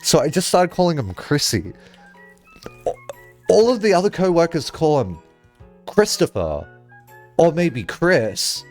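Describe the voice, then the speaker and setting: A man's voice: fairly high pitch, very animated, unhurried, long pauses, soft background music. A male streamer chatting casually while playing a game, rambling through a story with lots of "like" and swearing.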